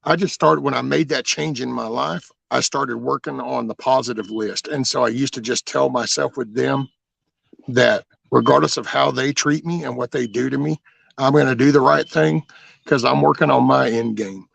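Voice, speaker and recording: A man's voice: medium pitch, fairly even intonation, normal speed, fairly bright tone, no room sound. A middle-aged man telling stories from his own life in a blunt, rambling, profane way, full of restarts. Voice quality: gravelly, raspy voice. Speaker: channel host telling his life story. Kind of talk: casual storytelling.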